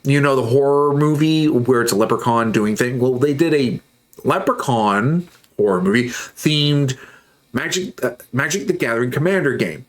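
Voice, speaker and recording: A man's voice: mid-range voice, normal speed. A man chatting casually on a livestream while he builds models, rambling, joking and reacting to messages from chat. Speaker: streamer.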